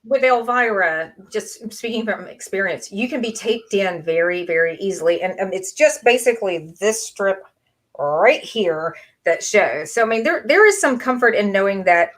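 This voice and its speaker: A woman's voice: medium pitch, expressive, normal speed, a bit bright. A woman on a podcast, chatting casually with wry, teasing interjections. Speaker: podcast co-host. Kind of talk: casual chat.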